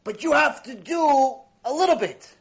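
In a very high-pitched, slightly slow voice, a man teaches a mussar lecture as a Torah teacher. Repeated phrases and Hebrew terms run through his lively, animated stories.

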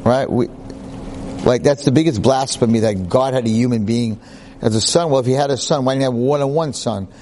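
A man's voice: medium pitch, brisk, slight background noise. A man lecturing who tells a personal story conversationally and acts out the people in it. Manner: animated, acts out voices, conversational.

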